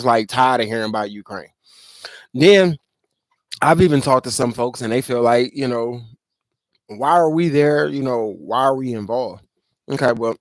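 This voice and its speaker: A man's voice: mid-range voice, no room sound. Profane, rambling male commentary host. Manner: profane, conversational, filler-heavy. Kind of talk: casual commentary monologue.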